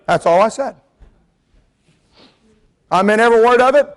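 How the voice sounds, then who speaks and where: High-voiced preacher man, hollering at times. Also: expressive, normal speed. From North Carolina mountains. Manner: storytelling, swings from quiet to hollering. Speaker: pastor and missionary. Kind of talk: sermon.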